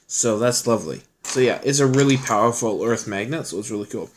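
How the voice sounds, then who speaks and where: Casual vlogger, young adult male, mid-pitched, loose and rambling delivery. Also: animated, a little fast, a little hiss or hum. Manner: rambling, filler-heavy, chatty storytelling. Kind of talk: casual chat showing his collection.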